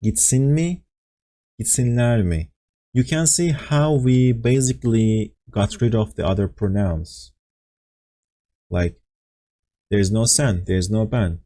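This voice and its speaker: A man leads a language lesson over an online voice call, talking slowly and explaining patiently with fillers. His voice is mellow and relaxed, and he acts out example phrases as he goes. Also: fairly low pitch. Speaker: Turkish teacher. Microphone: voice call on Discord.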